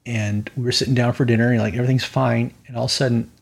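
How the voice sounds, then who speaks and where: With a flat, very fast delivery and a mid-range voice that's both gravelly and husky, a minister tells stories on his podcast in a fireside-chat setting. He's earnest, rambles on tangents, tags "right?" onto sentences and talks about spiritual warfare matter-of-factly.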